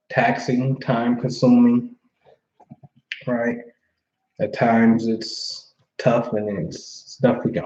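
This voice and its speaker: On a relaxed livestream, an astrology host reads viewer comments in loose slang, often tossing in "you know what I'm saying." His middle-pitched voice has a darkish tone, and the roomy, slightly muffled home-style audio carries a little hiss or hum.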